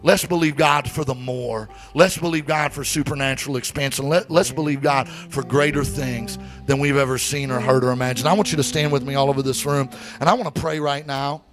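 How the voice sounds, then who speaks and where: A man preaching a sermon to a church congregation, telling a personal story in an easygoing way and then rising into shouted, sing-song preaching. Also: medium pitch, steady tone, a little fast, music in the background. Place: church sanctuary.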